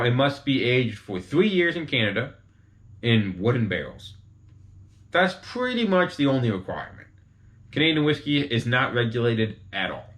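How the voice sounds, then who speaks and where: A man hosting his own show, casually explaining to viewers in a chatty, informal way with frequent asides to the audience. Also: mid-range voice. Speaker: host explaining whiskey types.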